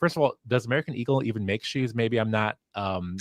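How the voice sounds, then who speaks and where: A man's voice: lowish voice, fast talker, dry recording, clean studio sound. A man filling in as host of a casual livestream talk show, rambling with lots of fillers and restarts, on a headset mic at home. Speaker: fill-in host.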